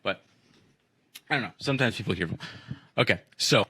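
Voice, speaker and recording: Young man, deep voice, forceful, casual chat, swears a lot, many fillers. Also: expressive, a little fast, a little hiss or hum. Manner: profane, rambling with many fillers. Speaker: podcast host.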